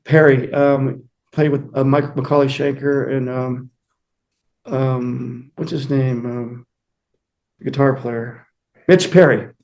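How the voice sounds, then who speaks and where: A man's voice: medium pitch, steady tone, slow, pauses often, darkish tone, muffled recording. A man, a musician guest in an interview, telling rambling anecdotes with many fillers and acted-out quotes. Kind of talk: casual storytelling interview.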